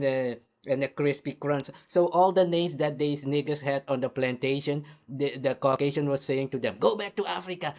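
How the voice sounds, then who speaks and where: A man hosting a heated, combative commentary rant, swearing throughout. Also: on the high side. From Caribbean. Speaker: host.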